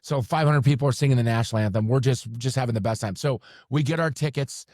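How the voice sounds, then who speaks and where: A man recounting a shared memory in relaxed, loose podcast chat. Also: medium pitch, fast, no room sound, studio quality. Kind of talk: casual storytelling chat.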